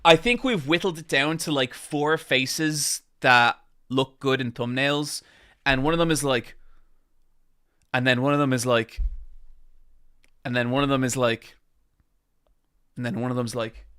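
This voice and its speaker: A man's voice: medium pitch, measured pace, pauses often, bright, forceful tone, clear, resonant tone, no echo, studio quality. A man with an Irish accent chatting on a live stream into a microphone. He projects his voice and rambles with many fillers. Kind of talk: casual chat on a live stream.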